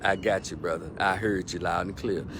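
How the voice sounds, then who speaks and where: A man's voice: low-pitched, fairly quick, noisy background. Middle-aged man rambling through a movie recap. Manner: rambling and animated, retells scenes with profanity. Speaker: movie reviewer. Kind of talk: casual movie review vlog.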